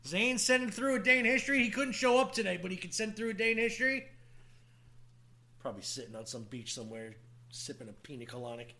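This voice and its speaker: A man's voice: sits high, animated, fast, pushed and bright. A man co-hosting a podcast in casual banter, teasing his guest and swearing often. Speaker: podcast co-host.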